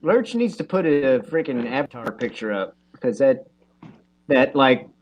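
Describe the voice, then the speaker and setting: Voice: mid-range voice, very animated, measured pace. Chatty speaker with a Southeast Missouri accent. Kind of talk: casual chat.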